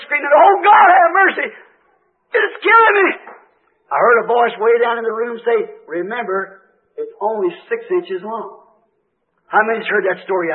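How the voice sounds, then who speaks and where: A man preaching, telling his own story in an emotional storytelling sermon. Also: extremely high pitch. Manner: storytelling, emotional, rising to cries. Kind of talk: sermon testimony. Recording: tinny lo-fi old sermon tape.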